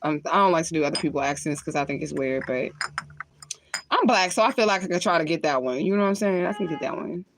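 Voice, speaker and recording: A woman's voice: sits low, fast, a little hiss or hum. A woman chatting casually on her livestream, rambling and cursing, laughing often as she smokes between thoughts. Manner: talks while lighting and smoking. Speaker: spiritual reader on a livestream.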